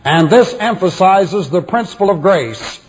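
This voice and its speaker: A male preacher giving a sermon in a measured, emphatic way, repeating refrains for weight, on a dull lo-fi recording. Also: high-pitched, animated, slight background noise.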